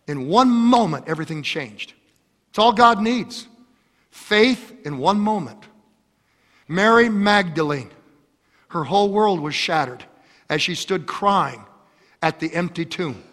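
Impassioned male preacher, slow deliberate delivery, echo of a church hall. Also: sits high. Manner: impassioned, repeats phrases, swings from loud exhortation to hushed storytelling. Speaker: pastor. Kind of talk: sermon.

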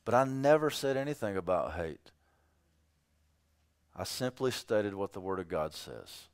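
A man's voice: fairly low pitch, expressive, unhurried, clean tone. A man preaching a sermon as pastor, emphatic, often repeating his phrases for weight.

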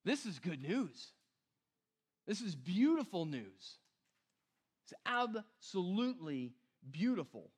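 A man with a high voice gives a sermon, reading scripture and explaining it in relaxed, everyday words. He often checks in with the listeners and repeats his key points for emphasis. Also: slow, husky. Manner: casual, conversational preaching with repeated "right?" and "you guys". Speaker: pastor.

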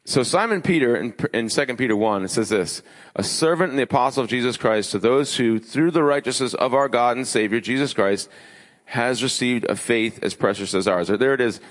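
A man preaching a sermon as pastor, emphatic, building his lists with rising pitch. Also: a little fast. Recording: long hall reverb.

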